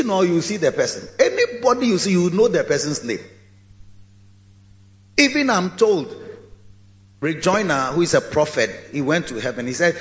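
A man preaching a sermon in a large church, telling the story in a lively way and acting out its scenes. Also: sits high. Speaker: pastor. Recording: echoey hall, dull lo-fi sound.

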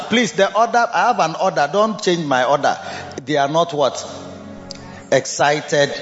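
A man preaching a sermon. He talks in an animated, repetitive way, laughs often and coaxes the listeners to repeat his words. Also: fairly high pitch, slow pace, long pauses. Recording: dull lo-fi sound in a reverberant hall with faint music.

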